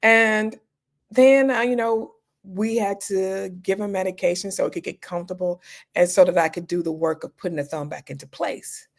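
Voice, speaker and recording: Woman doctor, guest, gravelly, animated, casual storytelling. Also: medium pitch, moderate pace. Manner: animated, acts out her own reactions. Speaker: emergency room physician, guest.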